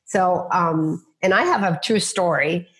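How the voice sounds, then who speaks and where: A woman's voice: on the low side, measured pace, fairly bright tone. A middle-aged woman, a real estate agent, telling faith stories in an interview, acting out quoted voices with many restarts. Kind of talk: faith-centered interview storytelling.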